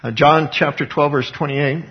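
A man's voice: a little high, fairly even intonation, moderate pace. A man giving an informal sermon as a Bible teacher, talking conversationally, chuckling often and acting out scripture quotes dramatically. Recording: dull lo-fi recording.

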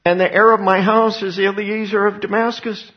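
A man's voice: high voice, level tone, moderate pace, highs cut off. An older man teaching a sermon in a conversational way, with personal asides between Bible readings. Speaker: pastor.

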